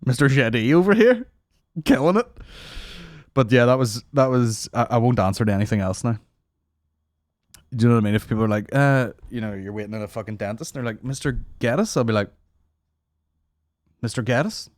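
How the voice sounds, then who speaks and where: A man's voice: fairly low pitch, steady tone, quick pace, dry recording, studio quality. A man, hosting a comedy podcast and telling a rambling, mocking, sweary story in casual chat. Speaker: podcast host.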